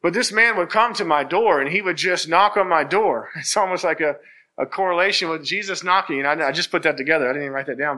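Casting man, personal church testimony, slightly high, very bright and forceful, earnest and rambling. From Virginia, US. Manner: earnest, rambling storytelling with many restarts. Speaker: church member giving testimony.

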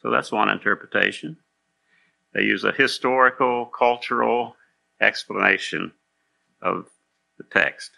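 A man's voice: on the low side, measured pace, creaky, long pauses, sharp tone. A man preaching a sermon in a conversational way, patiently explaining and checking that his listeners follow. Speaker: pastor.

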